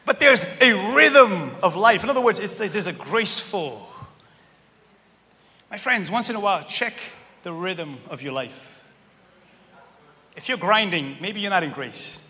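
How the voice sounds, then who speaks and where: A man preaching a sermon in a church, animated and joking, pulling the crowd in with questions. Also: high-pitched, unhurried, long pauses. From Cape Verdean heritage. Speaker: pastor. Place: large church hall. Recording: long church hall reverb, faint room noise.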